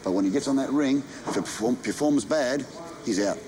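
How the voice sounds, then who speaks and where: A man's voice: medium pitch, a little fast, noisy background. A man with an Australian accent, a wrestling promoter talking bluntly in a documentary interview. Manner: blunt, forceful talk with mild swearing.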